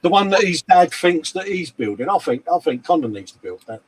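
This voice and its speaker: A man's voice: a little high, sing-song, a little fast, slightly rough. Jokey man in his forties. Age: 40s. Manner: chatty and jokey, laughs often, calls people mate. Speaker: co-host of a live model-building chat show. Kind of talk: casual chat, reading out viewer comments.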